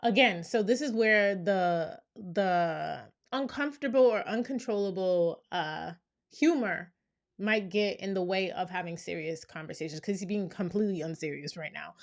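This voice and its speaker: A woman therapist giving reaction commentary, explaining things step by step and often checking in with "right?". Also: medium pitch. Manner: reflective, explains step by step, many "right?" asides.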